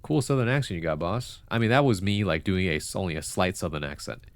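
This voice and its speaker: A man's voice: low-pitched, fast talker, no room sound. A male streamer with a congested nose, reading out and chatting about a story in a rambling way, full of fillers and restarts. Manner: chatty, rambling, with many fillers and self-corrections. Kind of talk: casual livestream commentary.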